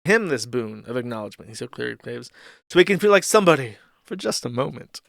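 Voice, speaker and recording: A man's voice: medium pitch, very animated, fast talker, creaky, a bit bright, no room sound, studio quality. A man hosting a live stream, reading posts and mocking them in a rambling, swearing commentary. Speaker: streamer host.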